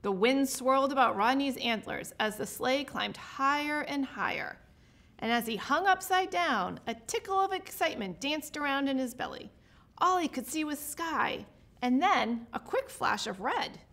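A high-pitched woman reads a holiday picture book to children in an expressive, lively way. Her delivery is warm-paced storytelling, bright and clear. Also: normal speed. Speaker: state representative reading a picture book. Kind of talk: children's story read-aloud.

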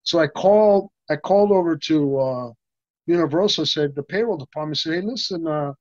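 An older man spins a profane, animated story as an interview guest, starting over and over again mid-sentence. His voice sits a little higher than most men's. The sound is dry and a bit muffled. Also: fairly quick, no room sound. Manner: animated, profane, full of restarts and laughs. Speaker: interview guest, stuntman and actor.

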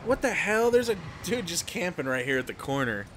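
A man's voice: fairly high pitch, very animated, brisk, noisy background. A young man streaming a shooter game, chatting casually and teasing his viewers as he plays. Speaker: gaming streamer. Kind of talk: casual live-stream chat while playing.

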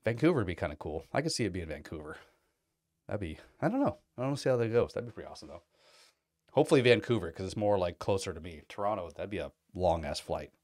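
A man with a low voice tells loose, rambling stories, swearing freely and leaning on fillers like "like" and "you know". He sounds close and dry, with no room echo at all. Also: very animated, quick pace, darkish tone. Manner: rambling, profane storytelling with fillers; mimics other people in quoted bits. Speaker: vlogger. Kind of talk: casual chat.

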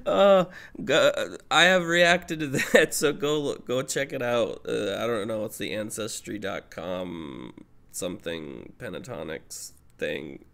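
A man's voice: lowish voice, takes it slowly, vocal fry, fairly bright tone. A man hosting a reaction video, chatting and laughing at the clip. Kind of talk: reaction commentary.

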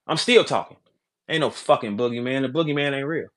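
A man, a battle rapper, delivering a heated, confrontational call-out, jumping between shouting and low muttering. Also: a little fast. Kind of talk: heated trash talk call-out.

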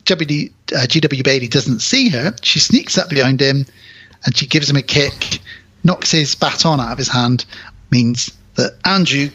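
A man's voice: medium pitch, moderate pace, breathy edge, lo-fi sound. A man guesting on a movie podcast, chatting casually and acting out lines from the film. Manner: animated, acts out lines from the movie.

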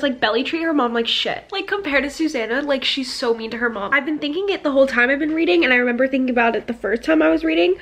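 Chatty young woman reading and ranting. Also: high-pitched. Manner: chatty, frequent "like", laughing asides, reads passages aloud. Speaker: book vlogger. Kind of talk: casual vlog chat.

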